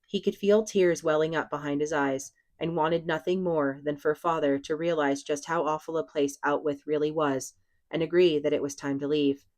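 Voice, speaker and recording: Woman reading a novel in a low voice. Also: fairly even intonation, normal speed, darkish tone. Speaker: audiobook reader.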